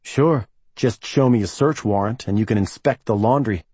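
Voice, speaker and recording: A narrator with a husky voice plays a blunt, sarcastic man, a little higher and louder than his reading voice. The lines come short and curt, recorded close and dry. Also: moderate pace, no room sound.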